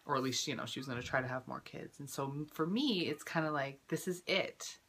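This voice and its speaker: A young woman in her twenties vlogging casually, chatty and full of fillers, emotional at times, clearing her throat from a lingering cough. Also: a bass voice, a little fast, a bit bright. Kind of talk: casual personal vlog.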